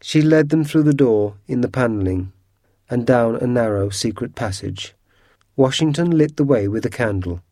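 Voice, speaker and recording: A man narrating a storybook audiobook in a measured, unhurried way. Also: medium pitch, animated, warm tone, no echo, clean studio sound.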